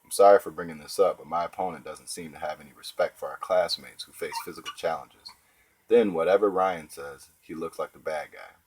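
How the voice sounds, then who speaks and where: A man's voice: sits low, fairly quick, slightly rough, dry recording, low-quality recording. A man reading the part of a smug, scheming schoolboy who lectures like a small politician.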